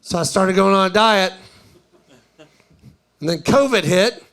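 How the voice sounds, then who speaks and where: A middle-aged man from East Tennessee with a Southern accent, doing a stand-up comedy set and acting out tourists in a higher voice. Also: unhurried, a bit bright. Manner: storytelling, acts out tourists in a higher voice.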